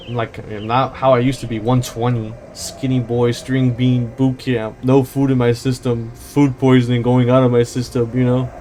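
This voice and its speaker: A man's voice: mid-range voice, flat delivery, moderate pace, hardly any pauses, a little mellow, a little hiss or hum. A young man hosting a let's play, rambling through casual jokey stories and swearing now and then between game moves. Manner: rambling, swears, joking anecdotes. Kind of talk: casual gameplay commentary.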